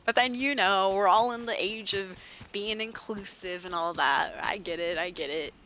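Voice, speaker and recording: A woman's voice: medium pitch, normal speed, bright, forceful tone, slight background noise. A woman streaming a game, chatting casually with jokes and sarcastic asides. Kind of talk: casual gameplay chat.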